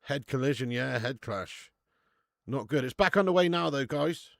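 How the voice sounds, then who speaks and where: A young man talks through a live football match for his stream viewers. He gets excitable, swears casually and reads chat comments aloud. His mid-pitched voice sounds dry and close, with no room echo. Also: normal speed, gravelly.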